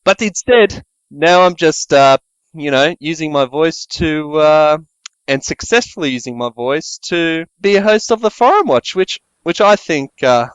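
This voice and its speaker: A male podcast co-host in casual comedy banter, with crude, deadpan jokes. His pitch leaps up and down constantly. The recording is close and dry, with no room sound. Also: unhurried, clear, resonant tone, no echo, lo-fi sound.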